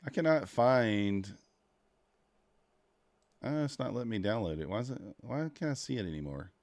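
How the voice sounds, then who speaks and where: Low-voiced man chatting on a trading stream. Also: animated, normal speed, no room sound. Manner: rambling, talks to chat while fiddling with software. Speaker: livestreaming futures trader. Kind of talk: casual livestream chat.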